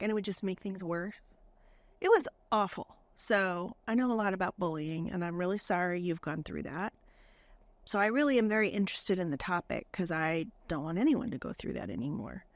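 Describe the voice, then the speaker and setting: Hosting a podcast, this middle-aged woman from California has casual, earnest conversations with her guests, using lots of fillers. She speaks at a moderate pace in a mid-range voice on a dry recording.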